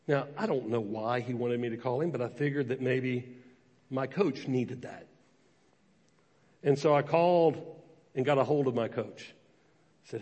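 A man's voice: mid-range voice, moderate pace, long pauses, darkish tone. A man in his forties preaching a sermon, telling a personal story conversationally and acting out the voices in it. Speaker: pastor. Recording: long reverb of a large hall.

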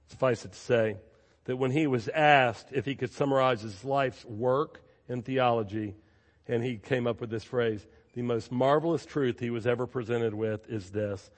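A man preaching a sermon as pastor, telling stories in a lively way and repeating phrases for emphasis. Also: mid-range voice. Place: church sanctuary. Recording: long reverb of a large church.

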